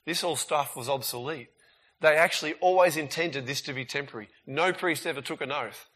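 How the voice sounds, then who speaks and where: A man preaching a sermon in a casual, emphatic way, swinging between loud bursts and quiet asides. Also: fairly high pitch, a little fast.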